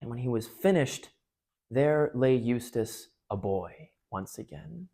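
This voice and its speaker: A man's voice: medium pitch, lively intonation, slow pace, gravelly, mellow, husky. A man giving a casual talk that retells and analyzes a book, speaking conversationally with frequent restarts. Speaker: parish speaker on literature.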